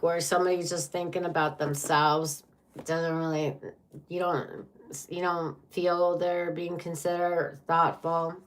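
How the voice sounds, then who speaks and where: A woman giving a tarot reading to viewers, blunt and profane, with dramatic reactions to the cards. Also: lowish voice. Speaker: tarot reader.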